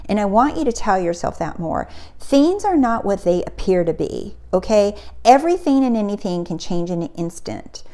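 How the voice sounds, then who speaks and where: A woman's voice: medium pitch, big pitch swings, moderate pace, mellow. A middle-aged woman, a spiritual coach, telling a personal story in a casual motivational talk and acting out the quotes.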